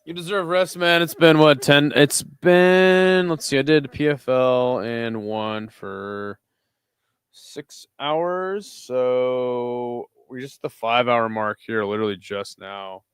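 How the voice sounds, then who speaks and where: A weary young man streams a watch-along, half calling the action and half chatting, cursing freely in a laid-back drawl. His voice is smooth and resonant. The sound is dry and close, with no room around it. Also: medium pitch, slow pace, no room sound. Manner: laid-back, swears freely, drifts between play-calling and chat. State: tired. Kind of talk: casual live commentary.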